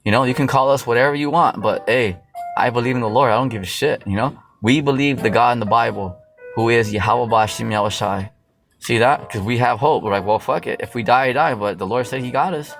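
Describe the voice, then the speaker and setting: A man preaches from scripture in a loose, street-level way, peppering every thought with "you know" and swearing freely. His voice sits at an ordinary pitch. Faint music plays underneath. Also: a little fast, fairly bright tone. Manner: loose and profane, full of fillers and "you know". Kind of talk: casual Bible teaching.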